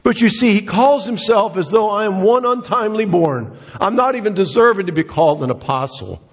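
A man preaching with a husky, slightly high voice, telling his story earnestly and building into passionate emphasis. The sound is dull and lo-fi, with a long reverb trailing every phrase. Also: animated, fairly quick. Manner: earnest storytelling, rising to impassioned. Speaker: pastor. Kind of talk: sermon. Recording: dull lo-fi recording in a reverberant hall.

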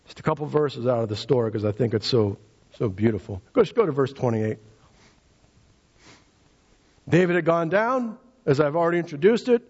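Man, preacher, sermon, emphatic, repeats phrases, husky, dull lo-fi recording. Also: mid-range voice, expressive, fast talker, darkish tone. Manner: emphatic, repeats key phrases, paraphrases scripture in casual speech.

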